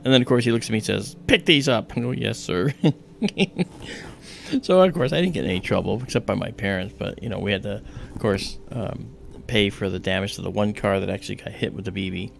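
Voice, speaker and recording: A man's voice: on the low side, quick pace, gravelly, slight background noise. A man hosting a livestream, telling a childhood story in casual chat and acting out the other people's voices as he goes. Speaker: livestream host.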